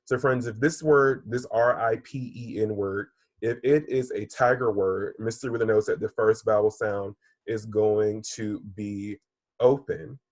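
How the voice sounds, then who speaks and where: A man's voice: on the low side, steady tone, unhurried, dry recording. A male third-grade teacher giving a recorded online reading lesson, speaking patiently and often calling his pupils "friends" between many "um"s.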